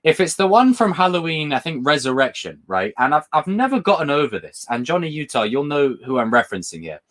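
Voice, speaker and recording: This British livestream host has a voice on the high side, very animated and fairly bright, and he talks fairly quickly. He chats loosely and jumps between topics while reading his viewers' comments.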